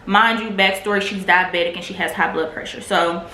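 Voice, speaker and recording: A woman's voice: on the low side, steady tone, a little fast, pushed and bright. A woman vlogger candidly telling a personal testimony in a casual, filler-heavy way. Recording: echoey room with faint noise.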